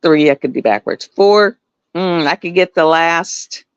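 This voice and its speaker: A middle-aged woman chatting casually to viewers, animated and laughing often. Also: fairly low pitch, a little slow, smooth, no echo, dull audio. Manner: animated storytelling, laughs often, swings between voices. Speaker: live stream host.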